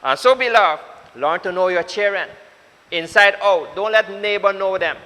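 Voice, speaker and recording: A male pastor preaches to his congregation, his bright, high voice ringing through a church hall with long reverb. He drives his point home with insistent repetition and speaks straight to his listeners. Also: moderate pace. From Suriname. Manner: repetitive, exhorting, addresses congregation directly. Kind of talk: sermon.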